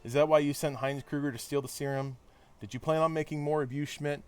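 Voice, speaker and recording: Man reading as a steady heroic captain. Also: on the high side, quick pace, smooth, lightly acted. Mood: commanding.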